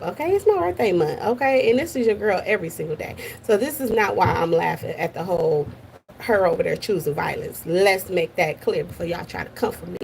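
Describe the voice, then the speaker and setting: A woman's voice: fairly low pitch, gravelly, slight background noise. A woman hosting a casual live stream from her office at work, chatty and gossipy, greeting viewers by name.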